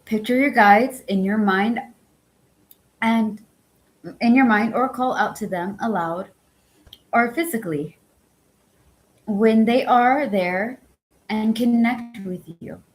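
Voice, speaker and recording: A woman reading a spiritual book aloud and chatting between passages. Her voice is squeaky and worn from talking all day, and she swears freely. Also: slow, long pauses, low-quality recording. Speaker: book-reading channel host.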